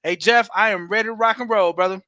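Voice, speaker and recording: A man giving an energetic, preacher-like sales pitch over a video call. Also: fast, dry recording. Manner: fired up, preacher-like exhortation. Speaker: guest presenter.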